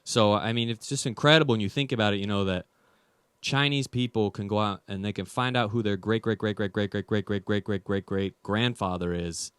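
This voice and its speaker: A man's voice: lowish voice, steady tone, fairly quick, fairly bright tone, clean tone, dry recording. A man doing a rambling, self-deprecating stand-up comedy set. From United States.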